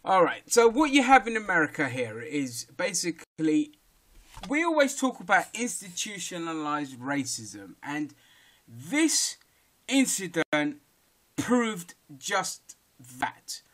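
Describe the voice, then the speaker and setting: A man with a rather high voice, speaking for himself in a fired-up commentary. He talks heatedly and bluntly, with plenty of swearing and hard emphasis. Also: sing-song, unhurried, a bit bright. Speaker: political commentator. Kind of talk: opinion rant.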